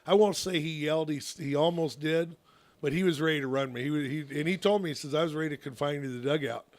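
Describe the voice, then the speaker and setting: Middle-aged guy coach on talk radio, kinda high voice, dry close mic, chatty storyteller. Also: fast talker, no echo. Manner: chatty, storytelling, gets loud when animated. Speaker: radio show co-host, youth coach.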